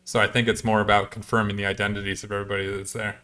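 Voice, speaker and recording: A man's voice: lowish voice, flat delivery, rapid-fire, sharp tone. A man co-hosting a casual podcast, chatty and laughing often as he talks. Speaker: podcast co-host.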